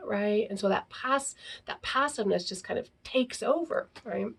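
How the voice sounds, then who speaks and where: A woman's voice: mid-range voice, animated, moderate pace, husky. A woman hosting a parenting talk, explaining in a casual teaching style and tagging her points with "right?". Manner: frequent "right?" tags, reads aloud from a book. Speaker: parenting podcast host.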